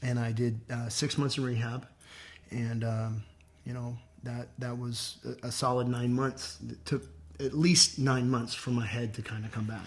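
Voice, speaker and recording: A man from southern California, a guest in a casual interview, telling his story in an animated way, with sudden jumps in pitch and loudness as he acts out his past thoughts. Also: normal speed.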